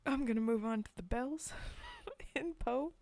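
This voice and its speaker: A woman's voice: fairly high pitch, unhurried, a little mellow. Giggly woman streamer reading poems. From North America. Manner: giggly, self-mocking, talks to chat. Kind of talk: casual chat and poetry reading.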